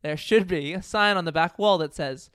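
A man's voice: high-pitched, normal speed, clean tone, dry recording, studio quality. A man co-hosting a podcast, telling a funny story in casual chat and acting out the people in it. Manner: animated storyteller, laughs often, acts out quotes. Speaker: podcast co-host.

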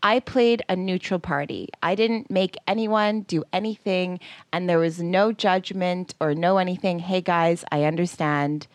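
Lower-voiced woman telling a story. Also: a little slow, hardly any pauses, no echo. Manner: animated, acts out quotes, frequent fillers. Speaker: podcast co-host. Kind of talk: casual confessional storytelling.

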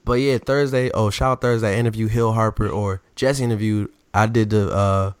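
A man's voice: on the low side, steady tone, a little fast, clean tone, no echo. A young man from the DMV area co-hosting a casual chat, telling stories and acting out quotes in raised voices. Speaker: podcast co-host.

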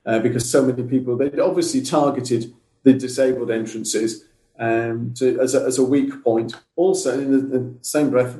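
A middle-aged man recounts events as a podcast guest, laying things out step by step. His voice is mellow and dark. The sound has a noticeable room echo. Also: medium pitch. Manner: steady, detailed storytelling. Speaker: guest, father of a wheelchair user.

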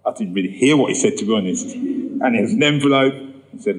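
A man telling his personal testimony in a sermon, acting out the voices in his story and rising high when he gets emphatic. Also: moderate pace, low-quality recording. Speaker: preacher giving testimony.

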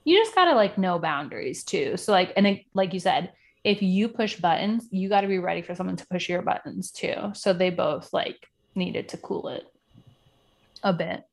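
A woman's voice: lowish voice, lively intonation, normal speed, gravelly. A woman from Puerto Rico co-hosting a casual podcast chat, talking in a chatty way full of fillers and asides. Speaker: podcast co-host. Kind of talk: casual chat about reality TV.

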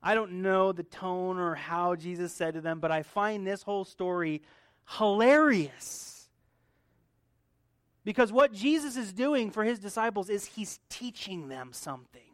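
A man preaching a sermon in a relaxed, conversational manner. He drops to quiet asides, then builds to loud, emphatic repeated points. The sound is close and dry, with no room around it. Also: high voice, unhurried, no room sound. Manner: conversational, swings between soft asides and loud emphatic build-ups, laughs often. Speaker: pastor.

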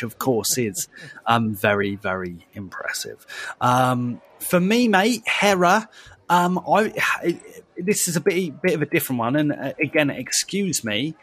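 Man, mid-pitched, co-hosting a relaxed podcast. He talks in a jokey, chatty way and keeps stopping to restart his sentences or fill with "um". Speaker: podcast co-host. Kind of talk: casual chat.

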